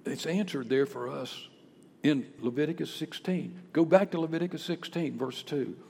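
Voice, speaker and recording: An impassioned male pastor preaching in a church sanctuary, his slightly high voice swinging from near-whispers to forceful cries. The sound rings out with the long reverb of a large hall. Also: moderate pace, vocal fry, husky. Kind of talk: sermon.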